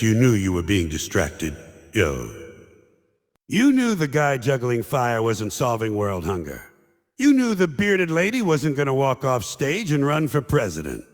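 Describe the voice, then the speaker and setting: An older man delivering a sardonic stand-up monologue, mocking and ranting in punchy short lines. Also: mid-range voice. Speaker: stand-up comedian. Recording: long hall reverb.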